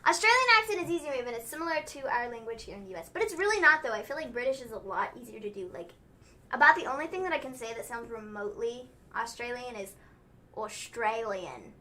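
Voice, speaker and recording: A young woman co-hosting a casual livestream chat, chatty and quick to exclaim, with frequent giggles. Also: fairly high pitch, very animated, pushed and bright. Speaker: co-host.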